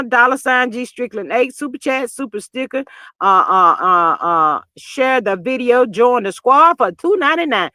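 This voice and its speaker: Animated woman live-streaming, bright voice. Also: on the high side, no room sound, studio quality. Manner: animated and drawling, often says "child". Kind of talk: casual live-stream chat, reading comments.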